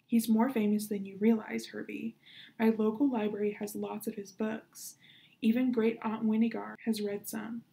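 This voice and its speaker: A woman's voice: mid-range voice, level tone, moderate pace, creaky, dark tone, natural voice. A woman voicing an earnest, brave runaway girl in a children's storybook reading, eager and full of questions. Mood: explaining.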